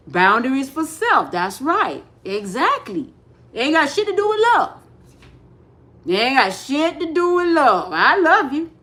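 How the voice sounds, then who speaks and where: High-voiced animated woman on livestream. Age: middle-aged. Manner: animated, repeats phrases, acts out quoted voices. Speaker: spiritual livestream host. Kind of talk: casual livestream talk.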